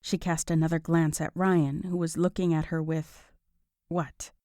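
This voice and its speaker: A woman narrating a romance audiobook in a measured, even storytelling voice. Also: deep voice, no room sound, clean studio sound.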